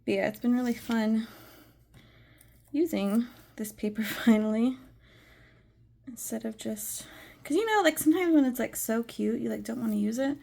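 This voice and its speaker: A woman's voice: a little high, normal speed, gravelly, long pauses, a little mellow. A young woman chatting casually through a craft tutorial at home, rambling with many fillers, slightly out of breath, sometimes murmuring while she works. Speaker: craft vlogger.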